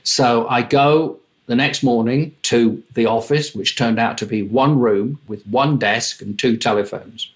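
A man's voice: mid-range voice, a little slow, few pauses. Older man, wry raconteur, interview guest, mimics voices. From England. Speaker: music manager and guest. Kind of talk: anecdotal interview storytelling.

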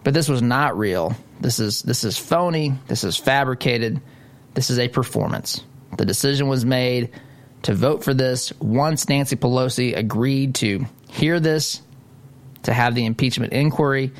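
Guy doing a talk radio rant, sarcastic, indignant, middle pitched voice. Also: measured pace. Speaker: radio talk show host. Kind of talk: political talk radio monologue.

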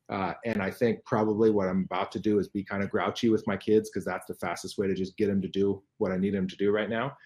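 A man's voice: lowish voice, a little mellow. A middle-aged man, a guest expert in an interview, explaining carefully with frequent restarts and fillers.

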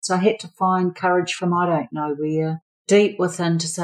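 Low-voiced older New woman. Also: fairly even intonation, low-quality recording. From New Zealand. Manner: measured, earnest recounting. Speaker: former therapist sharing her story. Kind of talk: personal testimony.

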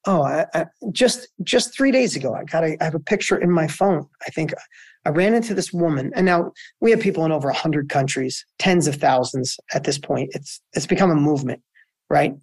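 A middle-aged man, a guest entrepreneur, telling a story in a conversational interview, energetic and full of restarts and repeats. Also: a little high, fairly quick, husky.

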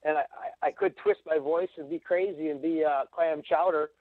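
A man with a Midwestern accent calls in to a radio show, his high voice tinny and squeezed as if over a phone line. He rambles excitedly, stumbles and restarts, and piles one thought onto the next. The sound is dry, with no room around it. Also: a little fast, dry recording. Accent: Midwestern American. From Wisconsin. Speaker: caller. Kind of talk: casual call-in chat.

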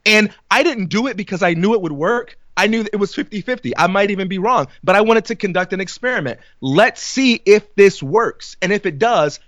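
A man's voice: sits high, expressive, brisk, few pauses, a bit bright, no room sound, highs cut off. A man co-hosting a podcast, chatting casually and telling stories, acting out quoted exchanges and laughing often. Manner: storytelling, acts out quoted exchanges. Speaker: podcast co-host.

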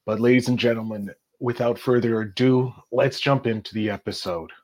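A man hosting a podcast, upbeat and salesy as he pitches offers and introduces his guest. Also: steady tone, moderate pace, darkish tone. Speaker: podcast host.

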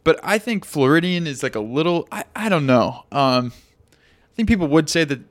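A man's voice: a little high, expressive, moderate pace, dry recording. Man, podcast host, casual chat, hesitant, dry close sound. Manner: hesitant, many restarts and fillers.

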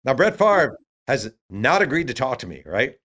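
A man, an author guest in an interview, telling stories in a lively way and acting out what others said. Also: mid-range voice, moderate pace. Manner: acts out quotes of others, many fillers. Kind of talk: animated storytelling.

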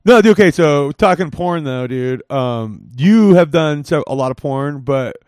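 A man's voice: on the high side, animated, measured pace, darkish tone, dry recording, clean studio sound. A man hosting a podcast in casual chat, rambling and giggling through crude jokes. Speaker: podcast host.

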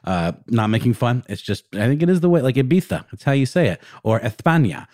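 A man's voice: medium pitch, big pitch swings, a little fast, a little mellow, no echo, clean studio sound. A man co-hosting a podcast, telling a story in casual chat with lots of fillers and restarts. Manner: rambling, many fillers and restarts. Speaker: podcast co-host.

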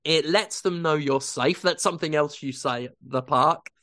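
Gravelly man in deadpan mock therapy. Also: on the high side, normal speed, no echo, clean studio sound. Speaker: comedy podcast co-host. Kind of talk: improvised comedy chat.

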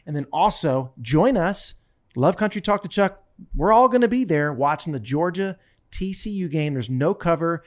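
Bubbly female radio host, very animated pitch, casual banter. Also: normal speed. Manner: bubbly, excited, trails into mumbles.

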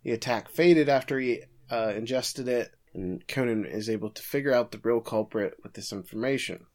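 A man with a middle-pitched voice talks through a story's events in a casual chat. His tone stays conversational and relaxed as he lays out what happens. He drops in quick asides along the way. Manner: recaps plot in long runs, with quick quips and laughs. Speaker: podcast co-host recapping an anime episode.

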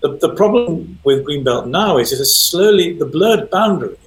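A man's voice: a little high, lively intonation, moderate pace, reverberant, low-quality recording. An older man in casual chat, hesitant and repeating words, with wry asides. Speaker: panelist. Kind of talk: conversational commentary.

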